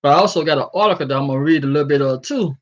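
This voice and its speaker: A man in a casual vlog, ranting loosely and stumbling over a word now and then, with a voice a little high for a man. The audio is dull and lo-fi. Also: rapid-fire. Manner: animated, freestyling rant with stumbles over words. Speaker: vlogger. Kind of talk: casual commentary and article reading.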